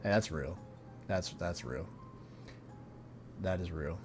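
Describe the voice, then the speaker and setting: A young man hosting a charity livestream, chatting casually with viewers in a laid-back, slangy way that often trails off quietly. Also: low-pitched, takes it slowly, soft background music. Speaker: streamer hosting a charity stream.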